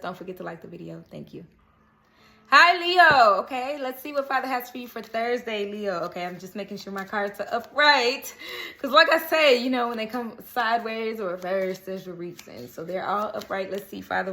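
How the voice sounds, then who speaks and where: Her voice runs on the high side and sounds a bit bright. As a tarot card reader, she offers an earnest, coaxing daily horoscope in a casual, chatty style, regularly checking with viewers by saying "okay?".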